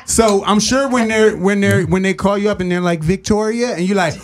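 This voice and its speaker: A man from Detroit co-hosts a casual podcast chat. His voice sits a little high for a man. He rambles with restarts and keeps checking in with "right?". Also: steady tone, a little fast, no echo. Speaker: podcast co-host.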